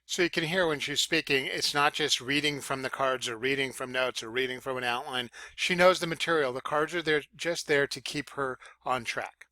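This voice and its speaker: A man teaching public speaking in a casual lecture, with fillers and self-corrections, demonstrating loud, soft, high and low voices as he explains. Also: steady tone, moderate pace, hardly any pauses, no echo. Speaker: college speech instructor. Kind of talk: recorded lecture.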